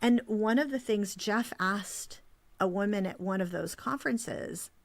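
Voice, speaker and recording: A woman's voice: medium pitch, measured pace. A woman hosting a podcast, talking casually, thinking aloud with restarts and quoted examples. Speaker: podcast host. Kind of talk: casual conversation.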